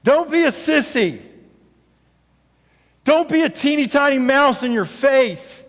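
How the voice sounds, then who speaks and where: A man with a high, light voice preaches a sermon. His voice rings through a large hall with a long reverb tail. He moves from loud, emphatic calls to low, hushed reading of scripture, and he speaks to listeners by name. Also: expressive, slow pace. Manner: addresses congregation members by name. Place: church sanctuary.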